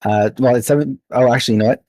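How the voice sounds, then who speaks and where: During a tabletop role-playing session, a player chats away quickly and laughs a lot, raising his pitch whenever he voices a character. His tone leans darkish, and there's no echo.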